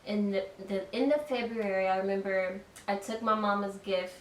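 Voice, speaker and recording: A young adult woman giving a reflective, soft-spoken personal testimony, often saying "like.". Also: mid-range voice, steady tone, normal speed. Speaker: daughter giving her testimony. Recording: echoey room, distant mic, faint hiss.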